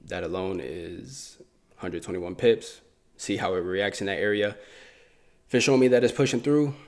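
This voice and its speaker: A man hosting a forex trading video, talking casually through his chart analysis, thinking aloud and repeating himself as he goes. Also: low voice.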